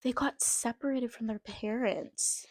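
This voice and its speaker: A woman's voice: on the high side, fairly even intonation, measured pace, dry recording. A young woman vlogger reading an old story aloud with amused, self-mocking commentary.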